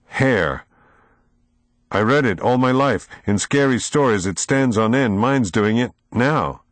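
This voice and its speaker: A man voicing a bold but spooked young boy in a storybook reading, speaking in a hushed, lightly raised voice. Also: mid-range voice, expressive, slow pace, no room sound, pitched above the performer's own voice. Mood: awed.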